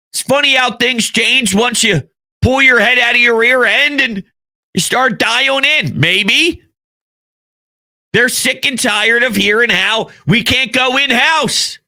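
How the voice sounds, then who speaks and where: Fired-up high-voiced sports fan man. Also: dry recording, studio quality. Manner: passionate, shouts on big points. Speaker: sports commentator. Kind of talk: fired-up sports opinion talk.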